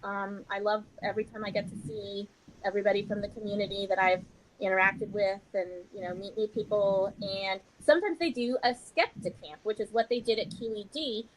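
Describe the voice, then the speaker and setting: A woman's voice: medium pitch, fairly even intonation, brisk, slight background noise, rough recording. A woman as a podcast guest, chatting in a rambling, self-deprecating way. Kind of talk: casual chat.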